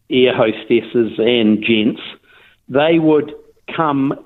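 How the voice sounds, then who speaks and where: An older man with a New Zealand accent, telling his story in a casual phone interview, rambling with restarts and fillers. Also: medium pitch. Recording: tinny phone line.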